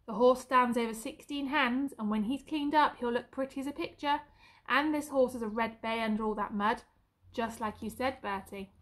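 A woman's voice: a little high, normal speed, lightly acted. A woman reading aloud as a young male soldier friend, patient and insistent.

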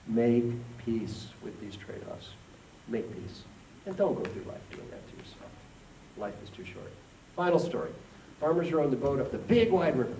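A man gives a motivational keynote and leads the crowd in call and response. His pitch swings widely. He sounds distant in an echoey hall, over faint background noise. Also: expressive, moderate pace, dark tone. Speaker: keynote speaker. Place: conference hall with an audience.

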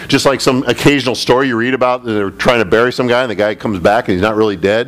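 A male pastor teaching a Bible study, speaking emphatically and climbing high when he retells scripture. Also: a bit bright. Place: church sanctuary.

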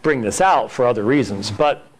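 A man's voice: mid-range voice, normal speed, breathy edge, low-quality recording. A man teaching a church history Sunday school class, talking conversationally with frequent fillers and restarts, sometimes acting out quoted dialogue. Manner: acts out quoted dialogue in storytelling.

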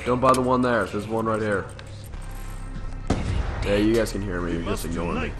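A young man giving casual commentary while playing a video game, full of excited little exclamations. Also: on the low side, moderate pace. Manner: excitable, with lots of surprised exclamations. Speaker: gamer. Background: game music.

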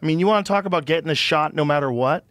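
A man hosting a podcast, talking in an animated, profane, incredulous way in casual conversation. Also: fairly high pitch, rapid-fire, dry recording. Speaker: podcast host.

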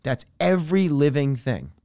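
A man speaking as a podcast guest and coach, explaining his ideas earnestly with everyday examples and dropping his voice softer on key terms. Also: on the high side, big pitch swings, moderate pace, dry recording, studio quality. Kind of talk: conversational podcast interview.

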